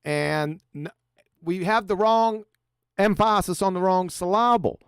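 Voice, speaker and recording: A man's voice: sits high, a little slow, smooth, dry recording. A man hosting a live call-in debate, lecturing and insistent, often repeating himself as he explains. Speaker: host.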